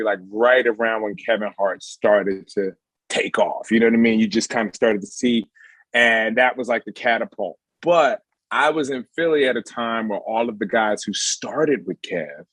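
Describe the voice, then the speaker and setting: Relaxed male comedian telling loose stories. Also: mid-range voice, no echo. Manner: loose, keeps asking "you know what I mean". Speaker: comedian guest. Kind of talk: casual storytelling.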